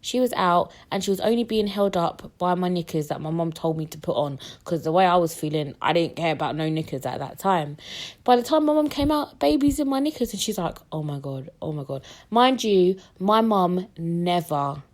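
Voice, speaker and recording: A woman's voice: lowish voice, normal speed. A young woman, hosting a podcast and telling stories in a casual way, acting out the voices of the people she quotes. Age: young adult. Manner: animated, acts out quoted voices. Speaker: podcast host. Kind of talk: casual storytelling.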